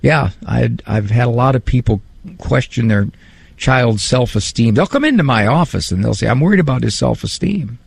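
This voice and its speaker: Psychologist guy talking parenting n faith, jokey, raspy gravelly voice. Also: medium pitch, moderate pace, dry recording. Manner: animated, joking, conversational.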